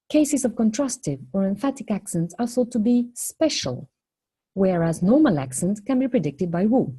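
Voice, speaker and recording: A woman lecturing on phonology, explaining step by step in a measured way and posing questions to the class. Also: mid-range voice, dark tone, slightly rough.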